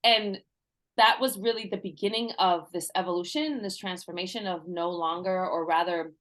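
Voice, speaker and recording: A woman's voice: fairly low pitch, normal speed, fairly bright tone. A woman in her forties, a guest coach, telling personal stories in a casual interview, laughing often and acting out the voices of people she quotes. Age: 40s.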